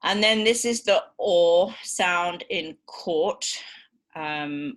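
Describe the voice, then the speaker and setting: A woman's voice: fairly low pitch, very slow. A woman with a British accent giving a university lecture, patiently explaining with frequent ums and okays. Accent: British English.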